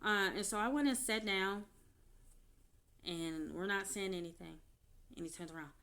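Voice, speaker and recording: A woman vlogger telling her own story off the cuff, candid and halting, turning animated as she retells events. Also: medium pitch, smooth. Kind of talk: unscripted personal storytelling.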